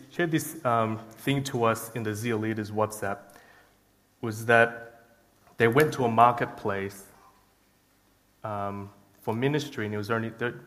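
A man's voice: lowish voice, a bit bright. A young man giving an informal sermon, chatty and self-deprecating, telling a story with lots of fillers and restarts. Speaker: guest preacher. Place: church hall. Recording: long hall reverb.

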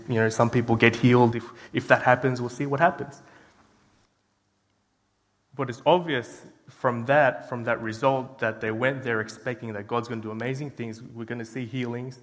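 A young guest preacher gives an informal sermon in a church hall, with long hall reverb on the recording. His medium-pitched, slightly bright voice holds a steady tone at normal speed as he tells a chatty, self-deprecating story full of fillers and restarts.

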